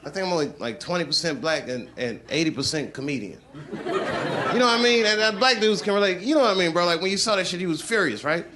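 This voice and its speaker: A man doing a live stand-up set on a club stage, profane and animated, acting out other people as he talks. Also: sits high, fast, background noise. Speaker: stand-up comedian. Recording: live club with loud crowd laughter. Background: loud audience laughter.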